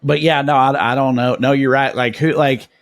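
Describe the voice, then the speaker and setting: Man, Southern US accent, podcast co-host, casual profane banter, mid-pitched voice. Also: steady tone, normal speed. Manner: loose, profane, joking. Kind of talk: casual comedic chat.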